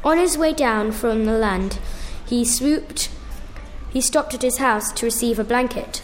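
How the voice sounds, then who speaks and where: Woman reading a kids' story out loud, kinda high voice, faint hiss behind. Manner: slow, careful read-aloud with small restarts.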